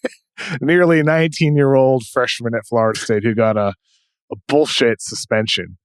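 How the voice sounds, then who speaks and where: A man with a New England accent hosting a podcast, running through quick notes and correcting himself. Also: mid-range voice, smooth, dry recording. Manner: brisk rundown of notes, self-correcting. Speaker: podcast host. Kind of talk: casual podcast segment hosting.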